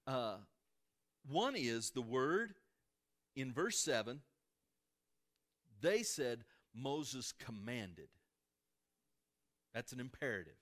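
A man with a Midwestern American accent, preaching a sermon to a congregation in a church, swinging between emphatic peaks and soft asides. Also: mid-range voice, big pitch swings, slow pace, long pauses. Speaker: pastor. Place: church sanctuary before a congregation.

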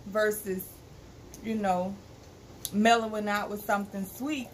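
A woman's voice: mid-range voice, fairly even intonation, measured pace. Easygoing woman reading comments. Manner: warm greetings, reads names aloud, easygoing. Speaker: co-host. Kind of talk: casual live-stream chat, reading viewer comments. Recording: faint background noise.

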